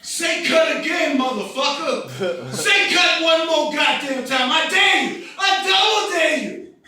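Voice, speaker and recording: A man doing an impression of a ferocious, foul-mouthed movie star, shouting in bursts. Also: very high voice, lively intonation, unhurried, crowd noise, pitched above the performer's own voice. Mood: furious bellowing. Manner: bellowing, profane, explosive. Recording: echoey club heard from far.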